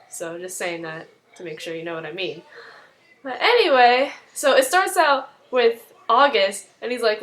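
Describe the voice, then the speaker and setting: A woman's voice: medium pitch, a bit bright, a little hiss or hum, rough recording. A young woman casually retelling a TV episode, rambling and full of fillers. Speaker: video recap host.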